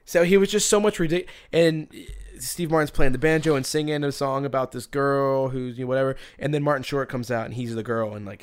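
A man's voice: mid-range voice, clear, resonant tone. A man on a podcast telling a story in casual chat, rambling with many restarts and bursts of laughter.

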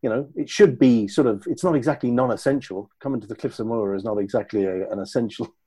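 Mellow-voiced Irish man, dry humor. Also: mid-range voice, fast, slightly rough. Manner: dry, sardonic. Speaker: podcast guest. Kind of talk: casual chat over a video call.

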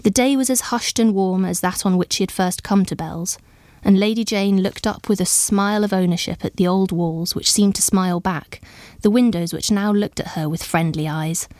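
A woman narrating a story in a measured, even storytelling manner. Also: medium pitch, no echo, clean studio sound. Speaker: audiobook narrator.

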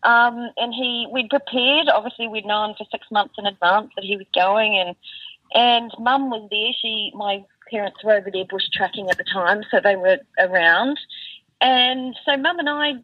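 A woman recalling a painful family memory in a halting voice, full of restarts and fillers. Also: medium pitch, no room sound. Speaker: interview guest. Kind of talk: emotional personal recollection. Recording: dull, distant, dry sound.

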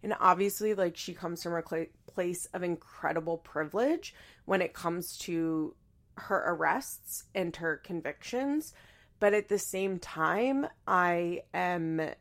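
Hoarse, stuffy-nosed woman podcast host. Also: fairly low pitch, takes it slowly. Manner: chatty, laughs often, many fillers and restarts. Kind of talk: casual solo podcast chat.

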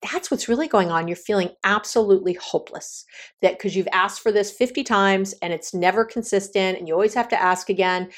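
Brief: middle-aged woman, relationship coach, podcast monologue, emphatic and direct, pitch jumping up for emphasis. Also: brisk. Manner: emphatic, direct and encouraging, with lively pitch jumps.

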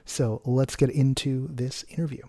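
A man hosting a podcast, talking casually and plugging his show in quick, energetic bursts. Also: medium pitch. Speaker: podcast host. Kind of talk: casual podcast talk and sponsor plugs.

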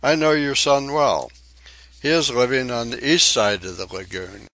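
A man's voice: mid-range voice, normal speed, sharp tone, no room sound, voice pushed up, lightly acted. A man voicing a fearful, cunning island husband, talking in a raised, anxious way in a storybook reading.

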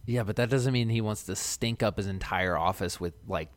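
Easygoing low-voiced man. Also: fairly quick, dry recording. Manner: easygoing, upbeat, many fillers. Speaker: podcast co-host. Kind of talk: casual chat.

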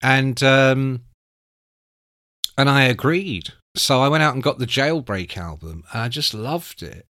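A man, telling anecdotes as a guest, animated and swearing freely. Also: medium pitch, measured pace, no room sound, clean studio sound. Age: 60s. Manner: animated, acts out quoted voices, swears freely. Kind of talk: casual storytelling.

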